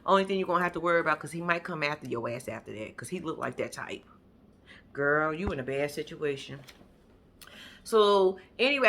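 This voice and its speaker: A woman, talking straight at her viewers in a loose, sassy recap rant. Her voice is bright and forceful, her pitch sits in the middle, and she swings from chatty asides to blunt, profane outbursts. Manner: blunt, sassy, profane commentary with sudden loud bursts. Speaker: reality TV recap vlogger. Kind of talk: animated casual recap rant.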